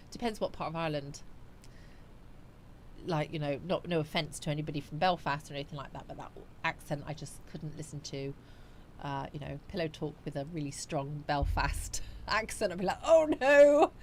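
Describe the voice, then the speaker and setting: A woman's voice: low-pitched, slight background noise. A woman hosting a casual livestream, reading viewer comments aloud and musing on them in a chatty, rambling way. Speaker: livestream host.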